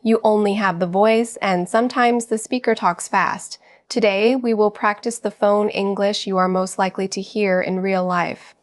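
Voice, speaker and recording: A woman giving scripted teaching narration for an English lesson, speaking slowly and clearly at an even pace. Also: medium pitch, no room sound. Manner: slow, clear, evenly paced delivery.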